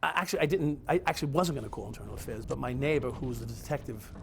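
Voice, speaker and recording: A man's voice: mid-range voice, expressive, very fast, vocal fry, fairly bright tone, a little hiss or hum. A middle-aged man, a former police officer telling his own story in a blunt, profane, confessional way. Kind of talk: candid storytelling. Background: music playing.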